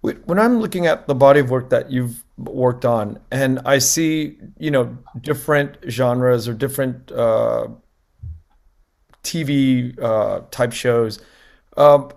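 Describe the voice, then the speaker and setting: Male interviewer, gravelly mid-pitched voice, rambling casual questions. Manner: halting questions with many fillers. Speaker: interview host. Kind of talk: conversational interview.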